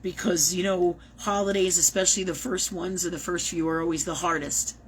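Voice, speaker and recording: A woman's voice: fairly low pitch, steady tone, a little fast, a little hiss or hum, low-quality recording. A woman talking casually and animatedly as a medium in a live-streamed reading, swearing now and then. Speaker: psychic medium.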